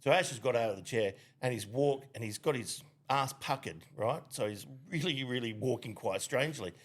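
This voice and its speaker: A man's voice: mid-range voice, moderate pace. An Australian man co-hosting a podcast, telling rambling crude jokes with plenty of swearing and laughter. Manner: rambling joke delivery with frequent laughter and swearing. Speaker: podcast co-host. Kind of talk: casual crude joke-telling chat.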